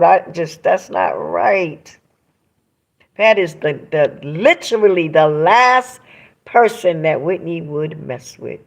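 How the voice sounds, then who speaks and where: A woman hosting a casual livestream, reading viewer comments aloud and retelling stories emphatically with quoted dialogue. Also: lowish voice.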